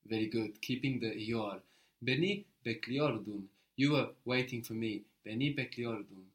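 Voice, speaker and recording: Guy teaching a language lesson, patient, repeats the answers slow, mid pitch voice.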